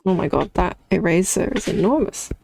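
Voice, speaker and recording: A young woman with a British accent talks through her drawing on a live art stream, answering chat and laughing often. Her voice sits a little low with a gravelly edge. The sound is dry and close. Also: brisk, a little mellow, no room sound. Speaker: artist streamer.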